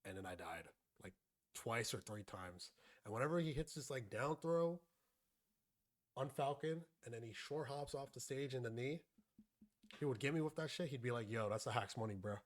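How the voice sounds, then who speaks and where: A man's voice: medium pitch, normal speed. Profane young man telling a story. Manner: profane, rambling, acts out friends' lines. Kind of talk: casual storytelling.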